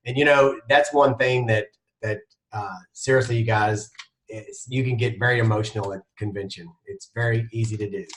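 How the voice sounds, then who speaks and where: A man hosting a team video call, talking in a relaxed, chatty way with small stumbles. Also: lowish voice, normal speed. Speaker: call host.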